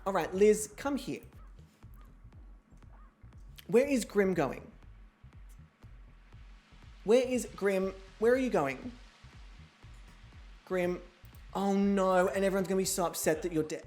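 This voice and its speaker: A young woman streams a life-sim game as host of an interactive show, chatting, swearing and laughing as she plays. Her mid-range voice is animated yet slow with long pauses and a darkish tone, over faint background music.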